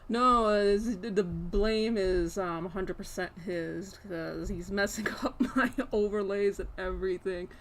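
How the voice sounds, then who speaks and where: A young woman streaming live, chatting casually and rambling with lots of fillers, breaking off to scold her pet with sharp repeated commands. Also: mid-range voice, steady tone, a little slow, hardly any pauses.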